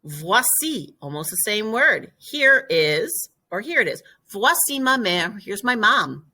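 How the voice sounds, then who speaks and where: A woman teaching a French vocabulary lesson, explaining step by step and repeating each word slowly and clearly. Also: mid-range voice, very animated, sharp tone. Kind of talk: classroom lesson video.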